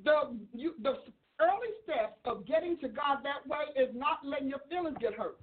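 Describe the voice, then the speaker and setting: A woman preaches with excitable energy, often laughing and acting out the voices in her stories. Her voice sits high. The sound is thin and phone-like. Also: moderate pace. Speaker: preacher and author. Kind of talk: sermon. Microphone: livestream.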